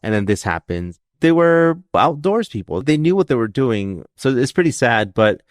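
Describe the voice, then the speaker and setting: A man's voice: medium pitch, sing-song, normal speed, no room sound, studio quality. A man co-hosting a podcast in casual conversation, rambling and joking, often restarting his sentences. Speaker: podcast co-host.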